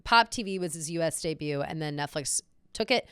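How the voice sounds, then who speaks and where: A woman's voice: deep voice, animated, a little fast, a bit bright, smooth, no room sound, clean studio sound. A woman co-hosting a podcast, chatting casually and swearing freely as she talks through a show. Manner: chatty, swears freely, looks things up mid-talk. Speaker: podcast co-host. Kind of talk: casual chat.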